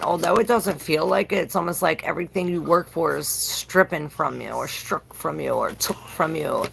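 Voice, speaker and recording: A woman's voice: low voice, normal speed, creaky, few pauses, a bit bright, slight background noise, poor audio. A woman giving a casual, rambling tarot reading on a livestream, repeating herself and swearing now and then.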